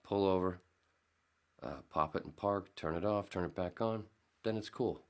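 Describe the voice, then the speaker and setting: Creaky and deep, this man's voice moves at a normal speed as he rambles on his own podcast. The solo talk is casual and sarcastic, and he swears freely.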